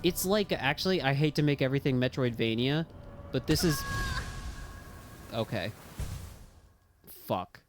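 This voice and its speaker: A young man streaming a game live, chatting casually, rambling between topics and yelling and swearing at the enemies. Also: mid-range voice, slight background noise. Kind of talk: casual live gameplay commentary. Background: game music.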